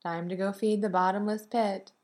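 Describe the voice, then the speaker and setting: A woman voicing a tender, wistful young mother in a storybook reading, speaking gently. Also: medium pitch, fairly even intonation, normal speed, natural voice.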